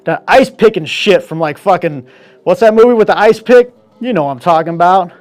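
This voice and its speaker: A man with a slightly high voice tells a long story alone on his podcast. He swears constantly and keeps the telling loose and animated. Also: a little fast. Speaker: podcast host. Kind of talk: casual solo storytelling.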